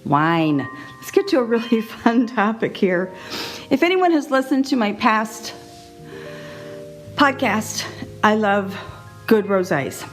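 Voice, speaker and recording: A middle-aged woman hosting her own podcast, talking in a chatty, animated way and laughing often. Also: on the high side, takes it slowly, long pauses, faint music behind. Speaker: podcast host. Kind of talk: casual solo podcast monologue.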